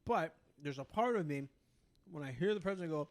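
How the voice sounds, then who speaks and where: A man co-hosting a casual podcast, telling stories in an animated, profane way. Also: fairly high pitch, a little fast, no room sound. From United States. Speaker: podcast co-host. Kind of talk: casual chat.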